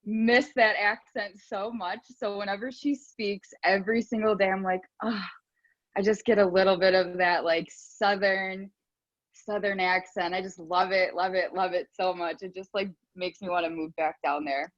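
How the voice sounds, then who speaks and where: A woman's voice: medium pitch, steady tone, normal speed, no room sound, lo-fi sound. A woman on a group video call, gushing about a friend in a casual, bubbly way and laughing often. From Cleveland area. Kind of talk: casual heartfelt tribute.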